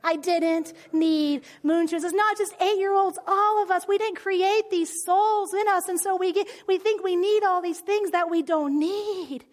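A woman giving a conversational sermon in an animated way, often dropping to a soft near-whisper. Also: very high voice, a little slow, few pauses. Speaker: speaker.

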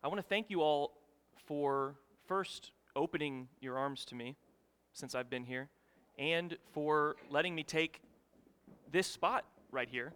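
A man preaching as a guest speaker, telling a story with lively rises in his voice. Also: a little high, measured pace, clean tone. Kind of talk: sermon. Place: church sanctuary. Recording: long reverb of a church hall.

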